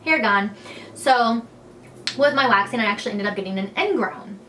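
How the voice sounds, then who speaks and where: A woman's voice: medium pitch, lively intonation, moderate pace, bright, forceful tone, slight background noise. A young woman telling her birth story in a candid vlog, talking frankly and freely with lots of "like" and "you know", acting out what others said. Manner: chatty and frank, heavy use of "like" and "you know", quoting others in turn.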